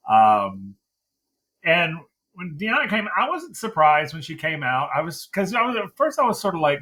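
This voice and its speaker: A man's voice: fairly high pitch, big pitch swings, brisk, pushed and bright, slightly rough. A man co-hosting a podcast, chatting casually about a wrestling show and gushing while he repeats himself. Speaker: podcast co-host. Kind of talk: casual wrestling review chat.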